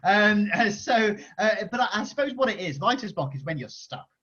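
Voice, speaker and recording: A male children's author answering schoolchildren's questions on a video call, chatty and energetic with many restarts. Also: high voice, normal speed. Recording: dull lo-fi video call audio.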